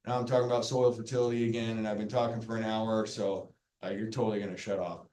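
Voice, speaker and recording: A man's voice: on the low side, little pitch movement, fast talker, darkish tone, distant mic. A man giving a university lecture in a casual, joking way, often checking in with "right?". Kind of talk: classroom lecture. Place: lecture hall. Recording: echoey lecture hall, speaker off mic.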